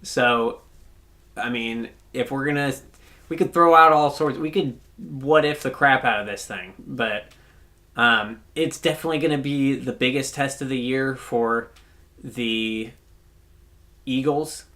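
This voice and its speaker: A man's voice: mid-range voice, unhurried, sharp tone. A man co-hosting a podcast, chatting casually about football with many fillers and restarts. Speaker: podcast co-host. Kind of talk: casual sports chat.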